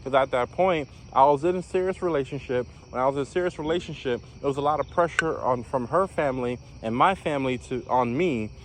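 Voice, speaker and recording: A man's voice: medium pitch, brisk, few pauses, slight background noise. Young man rambling through a personal story. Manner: rambling, repeats phrases, frequent fillers. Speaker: vlogger. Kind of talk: casual storytelling.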